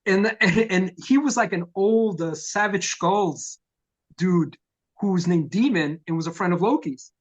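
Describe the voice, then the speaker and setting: Husky middle-aged New man telling stories. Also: sits high, measured pace, dull audio. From New York. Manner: profane, animated storyteller who acts out quotes. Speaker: punk vocalist interviewee. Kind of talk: casual storytelling in an oral history interview.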